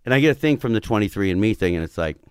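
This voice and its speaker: A man's voice: fairly low pitch, lively intonation, racing, a little mellow, clear, resonant tone, no room sound, clean studio sound. A man in his forties from northern Florida, telling a story in a casual, profane way and acting out the quotes. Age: 40s. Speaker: podcast guest.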